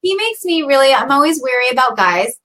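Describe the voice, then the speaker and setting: Bright, chatty woman podcast host. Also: high voice, sing-song, brisk. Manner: chatty storyteller with frequent likes and you knows. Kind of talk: casual chat.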